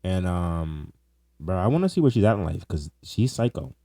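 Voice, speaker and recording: Young man, very deep voice, teasing podcast co-host, casual chat. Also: very animated, normal speed, gravelly, warm tone, no echo, clean studio sound. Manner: teasing, joking, laughs through stories.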